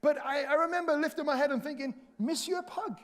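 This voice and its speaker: A man preaching in a church, telling a self-mocking travel story with lively humor. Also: very high-pitched, quick pace. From Wales. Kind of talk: storytelling sermon. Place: church hall.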